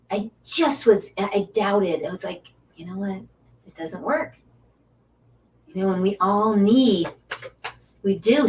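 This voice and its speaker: A woman's voice: medium pitch, distant mic. A woman hosting a casual live stream, chatty and effusive, cheering on and encouraging her viewers. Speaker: angel card reader and Reiki teacher hosting a live stream.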